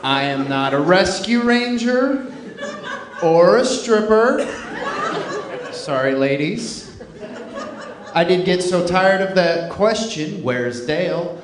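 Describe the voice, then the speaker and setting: Slow, high-voiced deadpan male comedian. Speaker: stand-up comedian. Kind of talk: stand-up comedy set. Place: comedy club stage. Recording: echoey club with loud crowd laughter.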